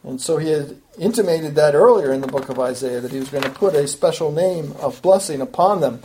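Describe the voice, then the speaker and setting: An earnest preacher explains a scripture passage verse by verse in an expository teaching style. The voice climbs higher and louder when pressing a point, and phrases often repeat or restart. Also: lively intonation, brisk, a little hiss or hum. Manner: earnest, emphatic, rises in pitch and volume when stressing a point; talks in repeating, back-and-forth phrases with small restarts.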